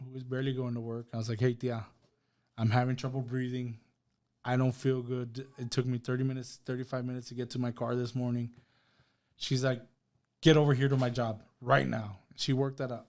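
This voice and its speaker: Brisk and monotone, this man's medium-pitched voice has a darkish tone. He's a guest on a podcast recounting something from his own life in a relaxed, chatty way, reenacting what people said and frequently asking "right?" or calling someone "bro."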